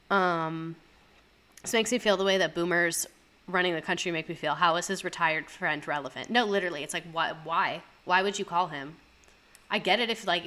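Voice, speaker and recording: A woman's voice: on the low side, sharp tone. A young woman reading out viewers' school stories in a chatty, rambling way with lots of asides. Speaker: host reading submitted stories. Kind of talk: casual commentary on reader stories.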